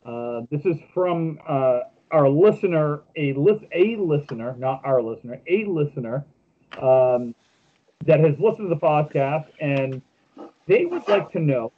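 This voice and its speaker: A man with a raised, husky voice hosts a casual podcast, joking and rambling with lots of fillers. The audio is dull and lo-fi, like a home podcast setup. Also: a little high. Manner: joking storyteller with many fillers. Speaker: podcast co-host.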